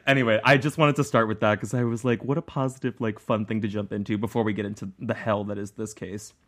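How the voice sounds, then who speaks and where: Casual male podcast host, lowish voice, loose and chatty. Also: steady tone, quick pace. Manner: chatty, fillers, laughs easily.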